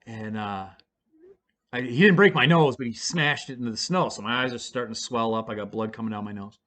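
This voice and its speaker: A storyteller vlogger casually spins a rambling tale, swearing freely and using lots of fillers. His voice is medium-pitched and a bit bright, and he talks briskly.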